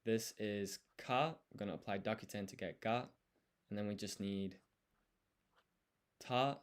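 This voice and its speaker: A man with a fairly low voice talks through his studying on a casual livestream. He thinks aloud as he writes and explains each step as he goes. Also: a little slow. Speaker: language learner.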